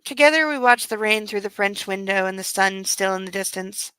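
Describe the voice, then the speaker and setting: Sarcastic woman reading with bright tone. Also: mid-range voice, a little fast, smooth, no echo, poor audio. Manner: sarcastic, exasperated asides. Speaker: book club reader. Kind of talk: comedic book reading with commentary.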